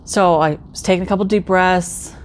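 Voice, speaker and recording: A woman's voice: lowish voice, fairly even intonation, normal speed. Chatty woman telling her story. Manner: chatty, addresses viewers directly, acts out quoted remarks. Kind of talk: casual personal storytelling.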